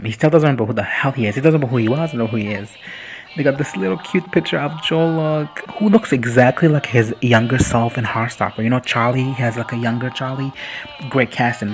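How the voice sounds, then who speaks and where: A man's voice: medium pitch, fairly quick, soft background music. A man giving a casual, foul-mouthed recap of a TV episode, laughing often and acting out the characters. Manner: crude, swears freely, laughs often, acts out characters. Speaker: reaction vlogger.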